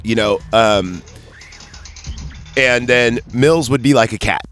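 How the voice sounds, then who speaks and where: A man's voice: medium pitch, fairly bright tone. Male podcast co-host, casual and profane, tends to ramble, faint music behind. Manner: rambling, profane, acts out film lines in quick voices. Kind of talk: casual movie discussion.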